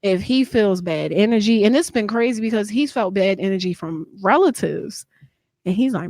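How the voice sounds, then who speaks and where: A woman in her thirties tells her own story as a radio guest, candid and animated. Her voice sits at a middle pitch and is recorded close and dry. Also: moderate pace, dry recording. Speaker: guest, author. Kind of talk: interview, personal story.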